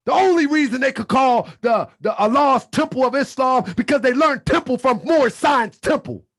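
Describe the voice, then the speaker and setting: A man hosting his channel, preaching in a fiery monologue with shouted, repeated lines and colloquial talk, a little under the weather. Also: very high-pitched, animated, moderate pace. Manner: colloquial, drops into muttered asides. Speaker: channel host.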